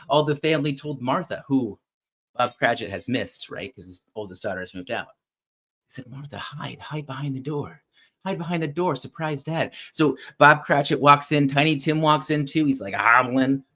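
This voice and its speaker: Host-type man, chatty storyteller, keeps asking "right?", thinks aloud with fillers and restarts. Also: mid-range voice. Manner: animated, keeps checking in with listeners with "right?". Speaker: podcast host. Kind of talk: casual retelling of a classic story.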